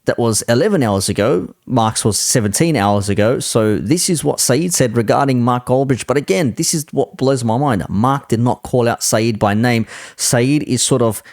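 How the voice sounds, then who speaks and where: A man's voice: medium pitch, moderate pace, hardly any pauses, a little mellow, no room sound, clean studio sound. Exasperated man doing reaction commentary. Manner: exasperated, swears casually. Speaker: commentary channel host.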